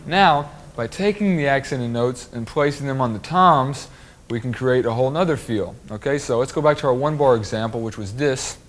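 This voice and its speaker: A man teaching a drum lesson, explaining soloing and accent patterns in a relaxed, explanatory way with frequent fillers. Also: mid-range voice, normal speed, background noise. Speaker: drum instructor.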